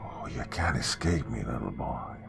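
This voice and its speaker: A man's voice: a bass voice, expressive, gravelly, music in the background, pitched below the performer's own voice, exaggerated voice. A man hissing as a choked, snake-like cave monster. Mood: menacing. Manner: slow, hushed, half-whispered. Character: hissing cave monster, male, cruel and menacing.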